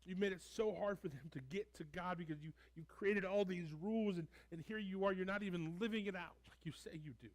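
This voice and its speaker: A pastor speaking as an earnest, rebuking Jesus. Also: male voice, high-pitched, a little fast, hardly any pauses, close to an everyday voice. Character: compassionate Jesus rebuking the Pharisees. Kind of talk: sermon role-play.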